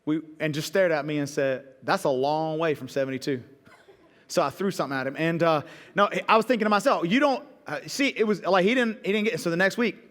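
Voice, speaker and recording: A middle-aged man, a pastor telling stories in a sermon, lively and joking at his own expense. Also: fairly high pitch, in a large hall. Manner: lively storytelling with self-deprecating jokes. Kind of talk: sermon storytelling. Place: church auditorium.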